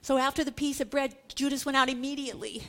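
A woman giving an animated scripture teaching, stressing points through repetition and dramatizing the quoted lines. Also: high voice, fast talker. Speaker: Bible teacher.

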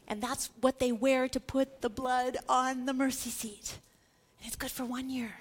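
A woman giving an animated scripture teaching, stressing points through repetition and dramatizing the quoted lines. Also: high voice. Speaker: Bible teacher.

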